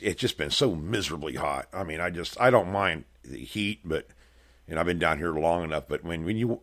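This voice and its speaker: A man's voice: rumbling low, fairly bright tone. A middle-aged man hosting a casual radio show, telling rambling, folksy stories from a room at home. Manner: rambling, folksy storytelling with laughs. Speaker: podcast host. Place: house room with bare walls.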